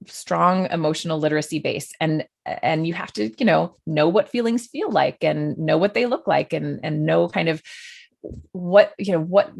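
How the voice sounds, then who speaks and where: A woman's voice: deep voice, moderate pace, vocal fry, a little mellow. A woman guest on a podcast, speaking thoughtfully with many fillers and restarts. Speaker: guest, journalist. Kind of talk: conversational podcast interview.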